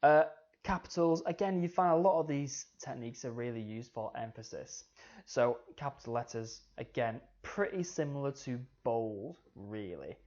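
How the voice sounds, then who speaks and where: A man's voice: mid-range voice, normal speed. A man teaching a media studies lesson over slides, talking straight to his students and saying "okay" again and again. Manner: relaxed, says "okay" often, talks to students directly. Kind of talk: recorded slide lecture. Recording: slightly dull lo-fi audio.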